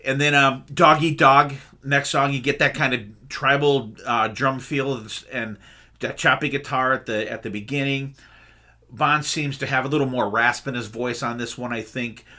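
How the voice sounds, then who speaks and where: A man's voice: medium pitch, steady tone, moderate pace, bright, forceful tone. A man on a music podcast, talking casually and enthusiastically about albums, rambling with fillers and humming guitar riffs. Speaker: podcast co-host. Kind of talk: casual music review chat.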